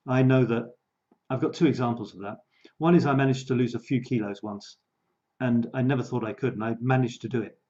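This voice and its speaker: Man, creativity coach, live stream talk, chatty and self-mocking, warm mellow tone, dull lo-fi audio. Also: medium pitch. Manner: chatty, self-mocking, laughs often, repeats words.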